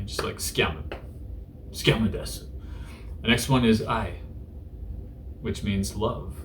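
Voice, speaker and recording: A low-ish male voice, with a bit of background noise, belongs to a host teaching Japanese through news stories. He keeps things laid-back and irreverent, joking around and using lots of fillers.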